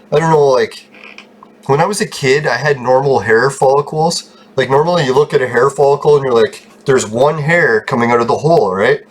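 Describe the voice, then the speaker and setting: A man's voice: mid-range voice, breathy edge. A man telling rambling personal stories while commenting on his gameplay, swearing often and laughing at himself. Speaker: gaming YouTuber.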